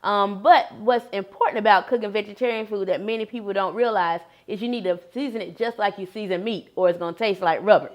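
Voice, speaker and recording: Calm woman explaining vegetarian cooking. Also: medium pitch, fast, few pauses. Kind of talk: cooking demonstration.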